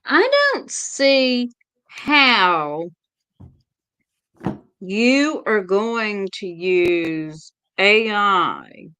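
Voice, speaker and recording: Southern US woman, co-host, unhurried drawl, crisp tone. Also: lowish voice, pushed and bright, no room sound. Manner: slow, deliberate, describing cards in detail. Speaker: co-host tarot reader. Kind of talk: casual chat.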